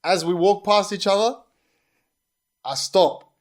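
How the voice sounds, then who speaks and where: Animated young man telling a story. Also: high voice, takes it slowly. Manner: animated, swearing, repeats phrases. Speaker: guest. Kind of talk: casual storytelling.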